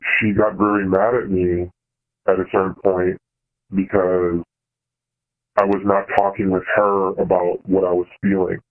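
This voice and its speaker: A young man calling in to share a painful personal story, talking in a halting, hesitant way with many restarts and fillers. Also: low-pitched, level tone. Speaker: caller. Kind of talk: personal confession on a call-in show. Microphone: phone. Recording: phone line.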